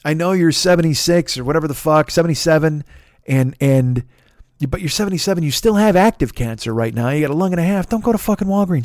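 A middle-aged man hosts his podcast in a loose solo monologue, rambling and swearing with an exasperated edge. His voice sits a little high for a man. The sound is dry and close, with no room around it. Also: darkish tone, no room sound. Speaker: podcast host.

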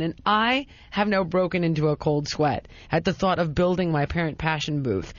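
A woman with a fairly low voice tells a casual anecdote, rambling and restarting as she piles on dramatic self-mocking exaggeration. The recording is dry and somewhat dull, with no room sound. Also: normal speed, hardly any pauses, dry recording.

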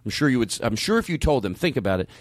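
A man's voice: very fast, no echo. A man and comedian hosting a podcast, telling a story in casual chat and acting out his own outbursts. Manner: animated storyteller who acts out his own outbursts, swinging high and loud.

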